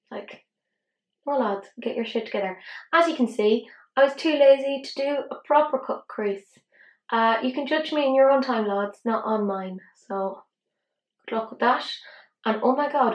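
Chatty Irish woman in a roomy space. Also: medium pitch. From Ireland. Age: 30s. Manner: chatty and self-mocking, drops into soft asides. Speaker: beauty vlogger. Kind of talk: casual makeup tutorial chat.

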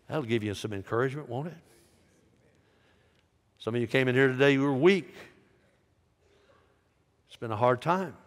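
A middle-aged man preaching a sermon as pastor, swinging from loud, high exhortation to soft, low appeals. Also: moderate pace, pauses often. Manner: impassioned preaching, rising loud then dropping soft. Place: large church sanctuary. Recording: live sanctuary with long reverb.

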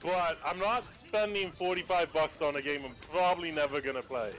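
A man's voice: a little high, brisk, fairly bright tone, low-quality recording. A man from Canada chatting and commentating on a gaming stream, joking and rambling. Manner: joking, rambling, British slang. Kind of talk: casual gaming stream chat.

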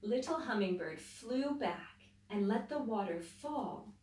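A woman teacher reads a storybook aloud for children, slow and clearly paced. Her voice swings widely in pitch as she tells the tale and stops to explain it. The recording is roomy and echoey, picked up from some distance. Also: lively intonation, a little mellow. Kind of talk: reading a picture book aloud to children.

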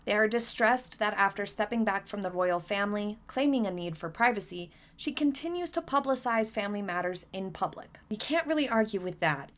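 A woman's voice: medium pitch, animated, brisk, hardly any pauses. A young adult woman hosting her own channel, giving blunt, scornful commentary in a lecturing tone. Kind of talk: opinionated scripted commentary.

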